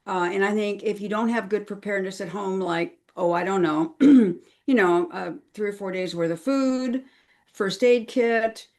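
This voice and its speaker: A woman's voice: medium pitch, a little slow, darkish tone. Earnest chatty woman podcast guest. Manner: chatty and earnest, with frequent fillers and laughs. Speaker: crisis management consultant, podcast guest. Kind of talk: conversational podcast interview.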